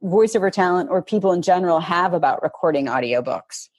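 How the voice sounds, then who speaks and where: A woman interviewer asking curious, measured questions. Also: fairly low pitch, expressive, darkish tone, breathy edge, no room sound.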